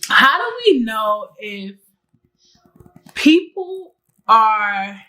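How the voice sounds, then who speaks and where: A woman's voice: a little high, big pitch swings, extremely slow, bright, forceful tone, rough recording. A young adult woman hosting a solo podcast, talking candidly in slangy casual chat and often laughing. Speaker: podcast host.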